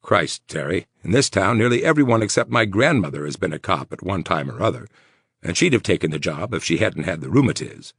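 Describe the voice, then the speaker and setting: A man's voice: low-pitched, very animated, a little fast, fairly bright tone, slightly rough, no room sound, clean studio sound, heavily acted. A man voicing a laid-back, teasing former cop with a wry, easygoing delivery. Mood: joking.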